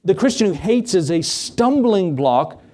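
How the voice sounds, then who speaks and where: A middle-aged man preaching a sermon in a slightly raised voice. He swings his pitch and pace widely as he acts out Bible scenes. He speaks from the pulpit. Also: sing-song, unhurried, a little mellow. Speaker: pastor.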